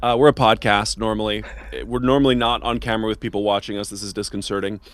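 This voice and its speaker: A man's voice: on the low side, steady tone, quick pace, fairly bright tone, no room sound. A man hosting and narrating a live tabletop role-playing stream, chatty and self-deprecating, laughing often. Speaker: host and narrator.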